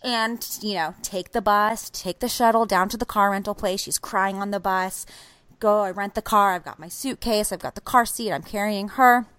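A woman in her thirties telling a story as a podcast co-host, animated and swearing, acting out what she said. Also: medium pitch, normal speed, clear, resonant tone, dry recording. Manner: animated, swearing, acts out quotes. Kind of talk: casual storytelling chat.

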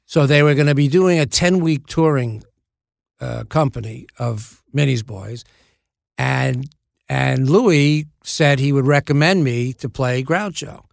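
Gravelly older actor spinning an anecdote, dry close sound, stop-start delivery. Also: male voice, mid-range voice, no room sound. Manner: lively storyteller, halting restarts and asides. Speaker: actor guest. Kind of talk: anecdotal interview storytelling.

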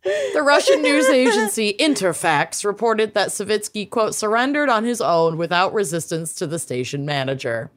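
A woman's voice: mid-range voice, sing-song, normal speed. A woman co-hosting a casual podcast, reading news stories aloud and breaking into laughing asides. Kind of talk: casual chat.

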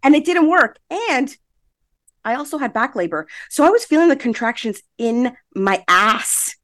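A woman with a high voice hosts a casual podcast chat. She jokes a lot in a lively way and laughs easily. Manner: lively, joking, quick to laugh. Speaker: podcast host, mother.

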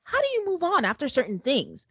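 A woman's voice: high voice, brisk, no echo, muffled recording. A woman co-hosting a casual podcast, retelling a scene with lots of laughter and imitations. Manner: animated storyteller, laughs often, mimics voices. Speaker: podcast co-host. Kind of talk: casual recap chat.

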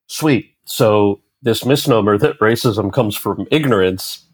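Low-voiced man telling a lively story. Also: measured pace, husky. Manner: animated storyteller, acts out quoted dialogue. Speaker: actor and author, interview guest. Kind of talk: storytelling in a conversational interview.

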